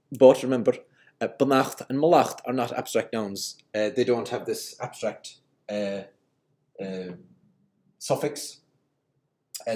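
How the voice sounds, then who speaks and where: A man's voice: fairly low pitch, a little mellow. A man explaining Irish word history in an unscripted lesson, with frequent ums and restarts as he works through each point. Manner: hesitant, many ums and restarts. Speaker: language teacher.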